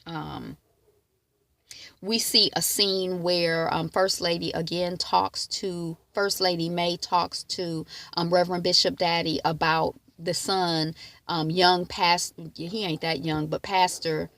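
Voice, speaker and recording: A woman's voice: fairly low pitch, steady tone, takes it slowly, creaky, a bit bright. A woman chatting casually through a TV episode recap from home, rambling with lots of fillers and now and then acting out the characters' lines. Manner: acts out characters' lines in quotes. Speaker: TV recap vlogger.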